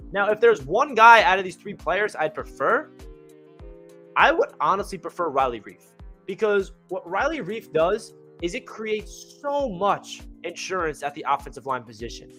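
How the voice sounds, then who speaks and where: A young man talking casually and with excitement about his football team, rambling and full of fillers, with hiccups. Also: high-pitched, moderate pace, faint music behind. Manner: rambling, enthusiastic, many fillers. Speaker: fan channel host.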